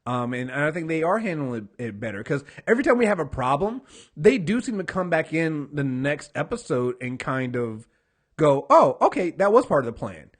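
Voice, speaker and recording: A man's voice: fairly high pitch, moderate pace. A man co-hosting a casual TV recap podcast, swearing freely and acting out characters' lines as he talks. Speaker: podcast co-host.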